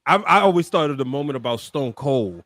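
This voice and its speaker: A man's voice: mid-range voice, animated, fairly quick, a bit bright, dry recording. A man co-hosting a wrestling podcast, rambling through his point and peppering it with "you know". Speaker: podcast co-host. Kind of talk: casual wrestling chat.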